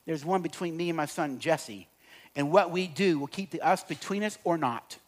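A middle-aged man speaking to an audience about relationships, telling humorous stories and swinging between loud and quiet. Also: fairly high pitch, normal speed. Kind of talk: humorous storytelling talk to an audience.

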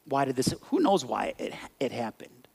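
A man preaching a sermon in an animated way, acting out little scenes and voices before dropping into soft, quiet reflection. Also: medium pitch, normal speed, gravelly, breathy edge. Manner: animated, acts out scenes and dialogue. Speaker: pastor.

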